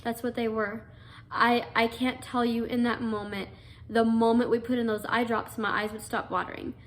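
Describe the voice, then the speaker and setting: A woman's voice: a little high, fairly even intonation, normal speed. A young adult woman earnestly telling a personal story, full of fillers and restarts. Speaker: guest telling her story.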